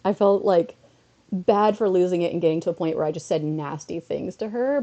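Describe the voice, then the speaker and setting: A woman's voice: on the low side, highs cut off. A woman streamer from North America telling a story in a casual way, slipping into quoted voices as she goes, a bit under the weather. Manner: animated storytelling with quick switches into quoted voices.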